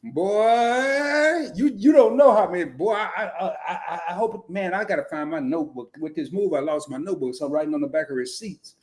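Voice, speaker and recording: A man co-hosting a casual live talk show, excitable, with frequent laughter and exclamations. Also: high-pitched, moderate pace. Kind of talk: casual livestream chat.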